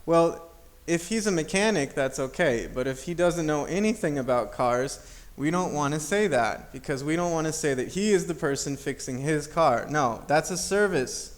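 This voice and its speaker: Man, English teacher, patient, repetitive, fairly high-pitched. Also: animated, moderate pace. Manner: patient, repeats key points, checks with "okay?". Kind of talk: grammar lesson.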